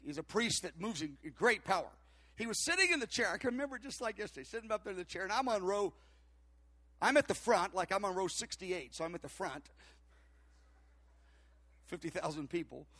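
Bright, high-voiced male preacher telling stories. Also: fairly quick, long pauses, dry recording. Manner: animated, rambling anecdotes with many fillers and restarts. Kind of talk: storytelling sermon.

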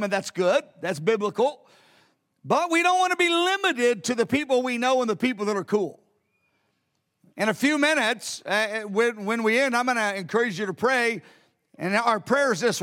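Earnest man preaching, really high voice, keeps restarting lines, big echoey church hall. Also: a bit bright. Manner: earnest, repetitive, with frequent restarts. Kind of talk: sermon. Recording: long hall reverb.

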